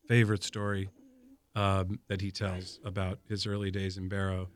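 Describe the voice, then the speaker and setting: A man telling an anecdote as an interview guest, chuckling often and climbing higher as he warms up. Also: completely flat delivery, moderate pace. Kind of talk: anecdotal storytelling.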